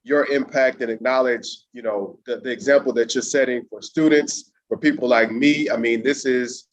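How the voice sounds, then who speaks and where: A man's voice: mid-range voice, fairly even intonation, moderate pace. A man hosting an interview, enthusiastic and encouraging toward his guest. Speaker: interview host. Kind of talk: conversational interview.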